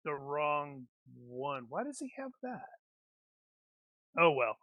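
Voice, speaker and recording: A man's voice: on the high side, very animated, takes it slowly, no echo, narrow, tinny audio. A man acting as game master for a tabletop action game, talking in a rambling way with many restarts.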